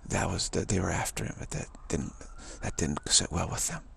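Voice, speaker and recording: A man telling a rambling spiritual story in a halting way, often repeating words and restarting. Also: sits low, vocal fry, a bit bright, slight background noise.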